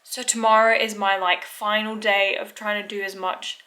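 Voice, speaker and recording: A woman's voice: fairly high pitch, moderate pace, few pauses, bright, forceful tone. A woman in her twenties from England with a mixed British and French accent, chatting casually and upbeat as a student vlogger while out and about. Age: 20s. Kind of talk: casual vlog narration. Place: car and out and about.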